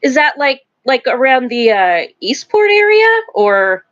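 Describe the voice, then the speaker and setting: An older woman talks in a loose, rambling way as she hosts a live stream from home, laughing often between thoughts. Her pitch jumps up and down freely. The sound is dull and lo-fi, like audio from a live stream. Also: sing-song, measured pace, a bit bright. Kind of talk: casual live-stream chat. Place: home, near a wood stove.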